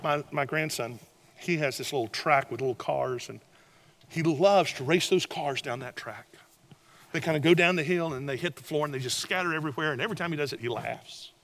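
An older man preaching a sermon, telling animated stories and swinging between loud and hushed delivery. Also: on the high side, brisk. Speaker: pastor.

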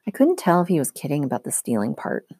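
A woman teacher reading a novel aloud in a steady, clear storytelling manner. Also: low-pitched, fast talker, no room sound, clean studio sound.

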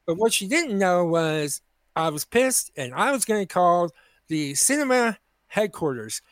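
High-voiced indignant man telling a story. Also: a little slow, dry recording. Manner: animated storytelling, indignant, acts out quoted people. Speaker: podcast co-host. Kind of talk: casual comedic chat.

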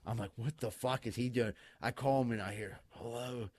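Man, casual podcast storyteller, profane, excitable, laughing, dry close sound. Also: medium pitch, normal speed, breathy edge, no echo. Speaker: podcast co-host.

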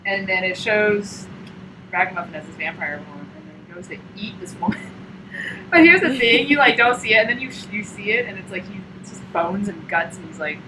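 Animated young woman retelling a comic. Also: medium pitch, normal speed. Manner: animated, acts out quotes in silly voices, laughs often. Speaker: podcast co-host. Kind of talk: casual chat retelling a comic. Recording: noticeable background noise.

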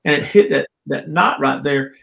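An older man tells a long story as a podcast guest. He talks casually, and his pitch jumps high whenever he acts out what others said. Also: normal speed, creaky, poor audio. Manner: animated storyteller, acts out quotes with shifting pitch. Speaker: former pro wrestler, guest. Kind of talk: storytelling interview. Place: podcast recording.

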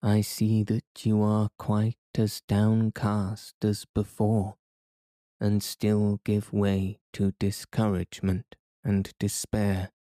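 A man's voice: fairly low pitch, monotone, takes it slowly, warm tone, dry recording, clean studio sound. A man reading an audiobook, voicing a stubborn older male professor in an insistent, commanding way. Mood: stern.

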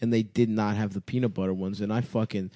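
A man with a hoarse, raspy voice, co-hosting a crude comedy podcast with casual banter. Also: fairly low pitch, steady tone, fast talker, warm tone, dry recording, clean studio sound. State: hoarse, raspy from smoking and illness. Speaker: podcast co-host.

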